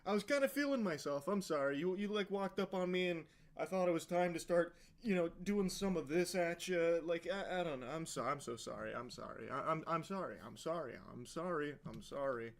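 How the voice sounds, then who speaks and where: Brief: man mocking a meek, stammering apologizer, slightly high voice. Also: a little fast, hardly any pauses, close to an everyday voice. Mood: mock-sheepish. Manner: whiny, stammering, repeated apologies. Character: sheepish young man mockingly over-apologizing.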